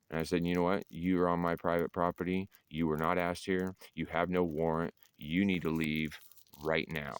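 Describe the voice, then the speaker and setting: A man's voice: sits low, little pitch movement, normal speed, clean tone, no room sound. A middle-aged man telling a story to camera in a blunt, profane, defiant way. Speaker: veteran vlogger. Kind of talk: casual monologue to camera.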